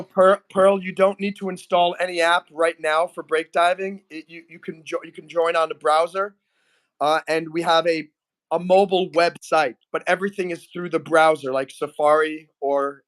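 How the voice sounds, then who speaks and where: Male livestream host, high voice, joking around, playful, reads chat comments aloud. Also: flat delivery, moderate pace, a bit bright.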